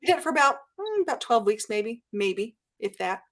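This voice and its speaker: A woman guest chatting casually in an interview, telling stories with lively acted-out quotes. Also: on the high side, brisk, a crowd in the background. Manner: animated storyteller, acts out quotes. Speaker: guest YouTuber.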